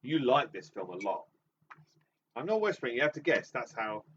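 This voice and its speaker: A man's voice: mid-range voice, very animated, normal speed, fairly bright tone. A man co-hosting a live show, chatting in a teasing way and explaining things loosely. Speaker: co-host and game streamer. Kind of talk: casual chat. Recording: distant, dull, faintly noisy.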